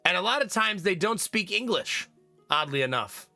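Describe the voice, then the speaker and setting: Male streamer, bright chatty voice, lively pitch, dry close sound, faint music behind. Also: moderate pace, no room sound. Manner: chatty, laughs often, talks to chat. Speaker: game streamer. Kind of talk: casual live-stream chat.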